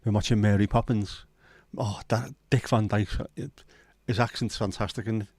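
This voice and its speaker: A man from northern England rambles through a casual livestream, full of sweary banter and jokes. His voice sits on the low side. The sound is dry, with no room echo. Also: steady tone, moderate pace, hardly any pauses, darkish tone, breathy edge. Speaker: livestream host.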